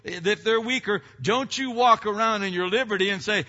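A man preaching a sermon, swinging between loud emphatic passages and quiet earnest asides, asking the congregation questions and answering them himself. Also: sits high, moderate pace, few pauses. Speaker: pastor. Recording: dull lo-fi recording with long hall reverb.

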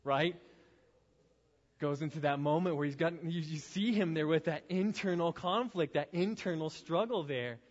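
A man preaching to high schoolers in a relaxed, chatty storytelling way, his voice a touch higher than most. A long reverb trails each phrase, and the recording sounds dull and muffled. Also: normal speed, hardly any pauses. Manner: conversational storytelling, casual asides. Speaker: youth pastor.

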